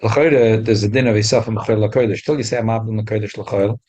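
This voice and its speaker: Speaking fast in a steady, low, slightly mellow voice, a man leads a Talmud class, and the recording sounds lo-fi. He keeps tripping and starting over, with sudden emphatic leaps upward.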